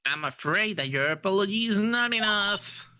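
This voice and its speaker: A woman's voice: mid-range voice, animated, moderate pace, noisy background, pitched above the performer's own voice, natural voice. A woman voicing a stern, fussy old male judge in a courtroom game, reading his lines in a pompous, scolding way.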